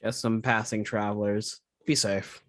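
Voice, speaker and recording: Slow, dry-humored man playing a tabletop game. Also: on the low side, level tone, a bit bright, dry recording. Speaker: player.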